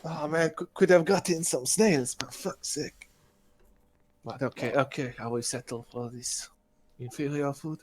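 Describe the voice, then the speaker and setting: A man in a casual tabletop game who hams up his in-character lines with a whiny, theatrical edge. His voice sits somewhat high. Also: unhurried. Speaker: player. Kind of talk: casual tabletop role-play.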